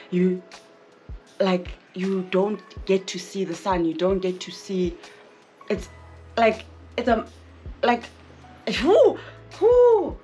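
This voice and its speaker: A woman's voice: fairly low pitch, darkish tone. A young woman from South Africa with a South African accent, talking frankly to camera in a casual vlog and repeating phrases for emphasis. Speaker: vlogger.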